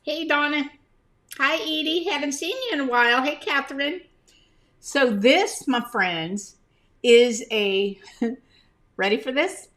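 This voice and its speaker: A woman's voice: high voice, lively intonation, slow, pauses often, fairly bright tone. A woman chats her way through a casual live stream, taking her time and speaking in a slightly raised voice. She calls out viewers by name and shows items to the camera, now and then talking with her mouth full.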